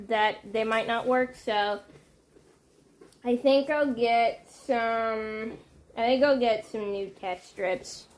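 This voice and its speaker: Woman vlogging, talks to herself real slow, kinda high voice, faint noise behind. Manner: muses aloud while working things out, soft self-talk. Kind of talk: casual thinking aloud.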